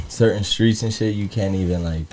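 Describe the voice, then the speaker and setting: A man's voice: on the low side, moderate pace, darkish tone. A man from Philadelphia with a Philadelphia accent, talking in laid-back casual chat as a podcast guest. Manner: laid-back, short slangy replies.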